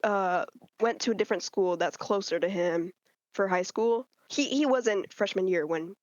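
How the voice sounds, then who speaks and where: A teenage girl telling a story as a podcast guest in casual chat, animated and acting out what people said. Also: mid-range voice, normal speed, no room sound, muffled recording. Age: teens. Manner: animated, quotes people in changing voices.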